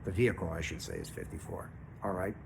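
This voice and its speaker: An earnest man in his fifties talks through a casual spiritual monologue in a fairly low voice. He often pauses to check in with his listeners, and a faint background noise sits under the recording. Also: fairly even intonation, vocal fry. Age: 50s. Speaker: spiritual channel host.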